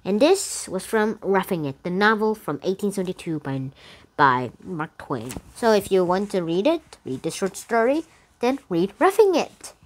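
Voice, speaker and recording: A woman hosting a book review channel, talking through a story in a loose, rambling way, full of fillers, with sudden high jumps in pitch. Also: big pitch swings, normal speed. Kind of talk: casual book review talk.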